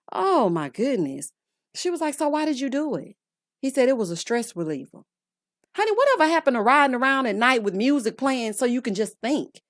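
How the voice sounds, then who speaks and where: A woman's voice: sits high, dry recording, studio quality. A woman vlogger giving a sassy, exasperated recap of a reality show, talking casually to her viewers. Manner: sassy, exasperated, calls viewers honey and child.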